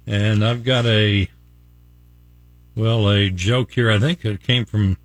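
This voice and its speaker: A man's voice: on the low side, fairly even intonation, slow pace, dry recording. A man hosting a radio morning show, reading jokes and birthdays in a jokey manner with lots of wordplay. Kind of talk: casual on-air banter and joke reading.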